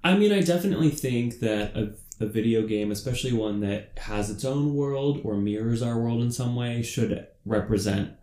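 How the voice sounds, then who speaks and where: A man in casual podcast chat, laid-back and chatty, with vocal fry. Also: mid-range voice, animated, normal speed, hardly any pauses, dark tone, echoey room. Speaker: podcast host.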